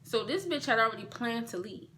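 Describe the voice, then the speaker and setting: Woman doing a storytime vlog, bright punchy voice, animated and cussing a lot. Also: brisk, a little hiss or hum. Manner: animated, profane, swings up in pitch when indignant. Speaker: vlogger. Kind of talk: storytime vlog, casual venting.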